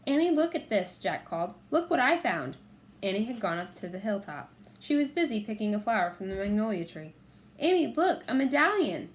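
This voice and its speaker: Woman reader voicing a cautious, earnest young boy; middle pitch, urgent storybook voice. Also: fast, few pauses, lightly acted. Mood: shouting. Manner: earnest, urgent, often hushed. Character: cautious, bookish young boy, easily exasperated. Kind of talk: children's audiobook reading.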